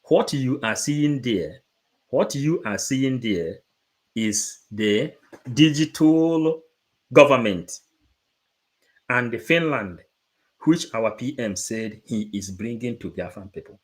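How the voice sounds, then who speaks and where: A man's voice: medium pitch, expressive, takes it slowly. A man preaching to supporters, emphatic and repetitive, moving between English and Igbo. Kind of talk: impassioned preaching.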